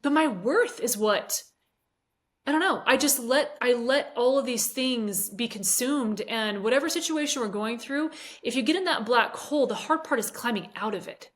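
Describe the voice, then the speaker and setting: Telling a personal story in an interview, a fitness coach in her forties talks at normal speed with a fairly high pitch and lively intonation. She's candid and emotional, hesitating along the way.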